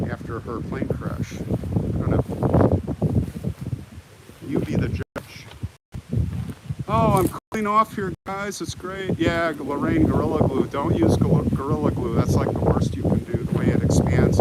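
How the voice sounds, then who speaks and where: An older American man hosting a live walking tour of a cemetery, chatting in a rambling way and answering viewer comments as he goes. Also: mid-range voice. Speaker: livestream host. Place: outdoors in a cemetery. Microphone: phone on a live stream. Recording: harsh noisy live-stream audio.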